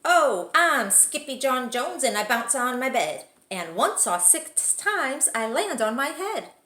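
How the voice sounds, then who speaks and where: A woman voicing an excitable young male kitten who thinks he's a Chihuahua, with a put-on Spanish accent and a bouncy, theatrical, sing-song delivery. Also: medium pitch, unhurried, echoey room. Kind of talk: storybook read-aloud voice.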